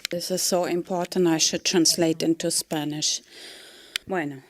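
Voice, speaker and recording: A woman giving a rambling comedic monologue in a halting way, often dropping into a whisper and breaking into giggles. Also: deep voice, steady tone, a little hiss or hum. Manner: slow, halting delivery that drifts into whispers. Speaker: vlogger.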